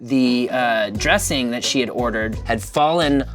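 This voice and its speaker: Man, comedian, profane animated storytelling, mid pitch, slightly distant mic. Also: unhurried, soft background music. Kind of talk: stand-up storytelling.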